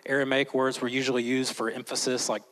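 A man preaching a sermon as a pastor, swinging between loud, emphatic lines and hushed, slow ones. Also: medium pitch, flat delivery, rough recording. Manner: slows down and whispers for emphasis.

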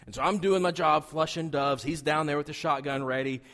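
Male pastor from Wyoming, lively storytelling sermon, somewhat high voice, reverberant church hall. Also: fairly quick. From Wyoming, USA. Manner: animated, conversational, swings between loud and hushed.

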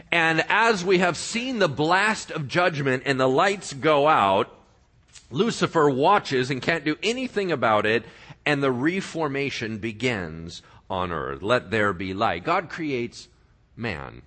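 Animated, bright-voiced male preacher. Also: mid-range voice, slow pace. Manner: animated, playful storyteller, asks the audience questions. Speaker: pastor. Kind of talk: sermon.

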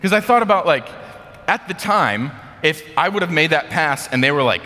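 A man's voice: a little high, very animated, a little fast, pushed and bright, long reverb tail. An American man giving a casual sermon, telling a story in a chatty way with lots of fillers. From United States. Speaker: speaker.

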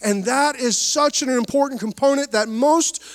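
A man in his thirties delivers a sermon in a high-pitched voice. He preaches with swelling emphasis and folksy humor, calling on the congregation for amens. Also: moderate pace. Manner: preacherly, rising and falling emphasis, calls for amens. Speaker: pastor.

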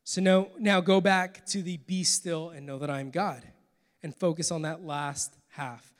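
A man preaching a sermon as pastor, earnest, moving between soft, quiet passages and forceful, loud ones. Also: fairly high pitch, steady tone, measured pace. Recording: long hall reverb.

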